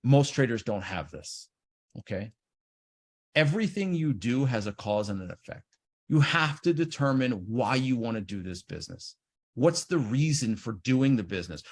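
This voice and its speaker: A man giving an animated seminar talk on trading, acting out the inner voices of traders. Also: mid-range voice. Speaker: trading educator.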